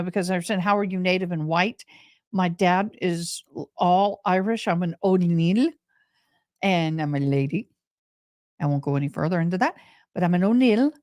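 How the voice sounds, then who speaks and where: A woman's voice: medium pitch, no room sound, studio quality. Chatty Texan woman telling a story. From Texas, USA. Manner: chatty, animated, talks to viewers as y'all. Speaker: livestream host. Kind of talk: casual storytelling to live chat.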